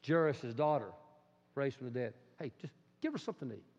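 A middle-aged male pastor giving a sermon in an emphatic style, with bursts into high, excited exclamations. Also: brisk, long reverb tail, lo-fi sound.

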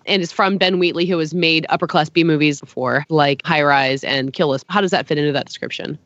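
Fast-talking woman podcast host. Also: low voice, a bit bright, dry recording. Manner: quick, prompting questions to co-hosts. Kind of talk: casual podcast chat. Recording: dry, dull lo-fi audio.

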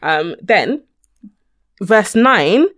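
A woman co-hosting a casual faith talk, reading Bible verses aloud with animated emphasis. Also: medium pitch, very slow. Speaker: podcast co-host.

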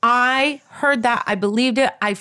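A woman telling a personal story in a casual, animated way, talking straight to her listeners and skipping details with quick filler. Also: fairly high pitch, clear, resonant tone. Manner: animated, addresses listeners as "you guys"; fills gaps with "da, da, da".

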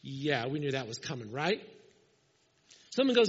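A man preaching a sermon as pastor, telling the story in a lively way and acting out the lines he quotes. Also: mid-range voice, normal speed, slightly rough. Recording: muffled, with long hall reverb.

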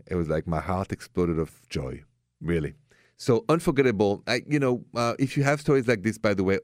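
This is a radio host from France with a French accent and a low-pitched voice, running a love-advice program. He tells stories warmly and talks frankly and directly with callers, captured in clean studio audio with no echo.

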